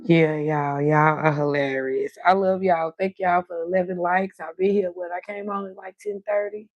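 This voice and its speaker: A woman's voice: fairly low pitch, fairly even intonation, normal speed, lo-fi sound. A woman hosting her own live stream, chatting casually and talking straight to her viewers. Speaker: livestream host.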